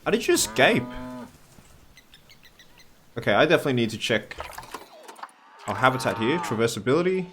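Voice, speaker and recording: A man's voice: medium pitch, expressive, moderate pace, long pauses, fairly bright tone. Guy muttering thru a sim game, wry little jokes, mid voice, game clicks and noise behind. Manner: chatty, thinks aloud, wry asides. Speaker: gaming channel host. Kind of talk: casual gameplay commentary.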